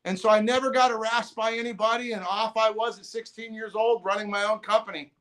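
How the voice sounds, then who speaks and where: A man's voice: high-pitched, brisk. A middle-aged man telling a long story as a podcast guest, rambling with restarts and acting out other people's lines. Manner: rambling, restarts, quotes others in lively voices. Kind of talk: casual storytelling.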